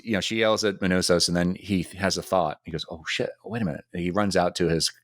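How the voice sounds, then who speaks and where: A man co-hosting a podcast, retelling TV scenes in a fast, animated way with many restarts. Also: deep voice, no room sound, clean studio sound. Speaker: podcast co-host. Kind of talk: casual TV discussion.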